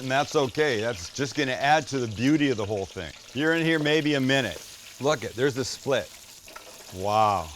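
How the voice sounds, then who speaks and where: A man's voice: a little high, a bit bright, slight background noise. A middle-aged man hosting a casual cooking show, joking and talking straight to the viewer as he cooks and tastes. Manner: enthusiastic, jokey, talks to the viewer.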